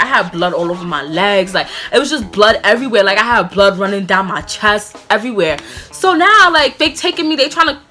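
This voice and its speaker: A young woman from New tells a story to her camera in a high, sharp, bright voice. Her New carries a slangy, animated delivery. She leans on "like" as a filler in almost every phrase. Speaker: vlogger. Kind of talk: storytime vlog.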